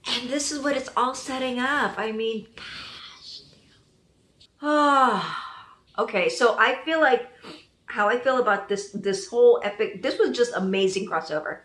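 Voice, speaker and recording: A woman giving an excited reaction review of a TV episode, gushing and thinking out loud as she goes. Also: fairly high pitch, normal speed, echoey room.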